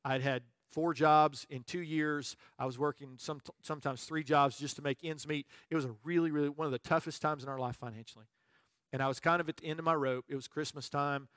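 A man's voice: on the high side, steady tone, brisk, fairly bright tone, dry recording, clean studio sound. Man preaching a personal story. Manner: personal storytelling, conversational with frequent restarts. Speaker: pastor. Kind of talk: sermon.

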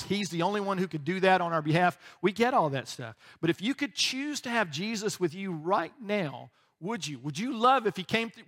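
A man with a fairly high voice delivers a sermon in a loose, conversational way. He jokes with the congregation and slips into quick acted-out voices. He keeps checking in with a casual "right?". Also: fairly bright tone. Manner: conversational, joking, acts out voices, frequent "right?". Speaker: pastor.

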